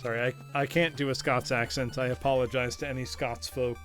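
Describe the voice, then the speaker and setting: A male streamer talks his way through a retro game at mid pitch, loose and playful, breaking into laughter as he chats. He calls his viewers "class" like a teacher, with faint game music playing under his voice. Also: fairly even intonation, a little fast, fairly bright tone. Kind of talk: live gaming commentary.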